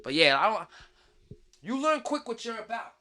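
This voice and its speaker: A young man, hosting a casual podcast and telling stories in an animated, slangy way full of swearing. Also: sits high, normal speed, slight background noise. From Puerto Rican, raised in New York. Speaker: podcast host.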